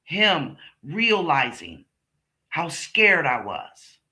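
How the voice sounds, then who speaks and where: A woman with a very bright, piercing edge to her voice talks straight to her viewers. She is middle-aged, blunt and emphatic, and she swears freely as she tells her story. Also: sits low, big pitch swings, drawn-out words. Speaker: streamer host. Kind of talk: casual monologue to viewers.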